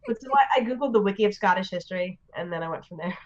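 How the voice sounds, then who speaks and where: A woman from the United States telling a story in a casual, animated way, full of fillers and restarts. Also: mid-range voice, quick pace, lo-fi sound. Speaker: interview guest.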